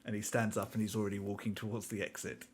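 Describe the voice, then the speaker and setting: A man's voice: fairly low pitch, flat delivery, quick pace, slightly rough. A man acting as game master on a tabletop game stream, narrating and wrapping up the episode with news for viewers.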